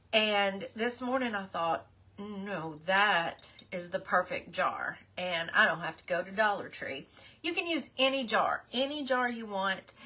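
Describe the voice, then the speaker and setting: A middle-aged woman hosts a casual live craft stream, chatting, apologizing, and greeting viewers by name. Her medium-pitched voice sounds pushed and bright.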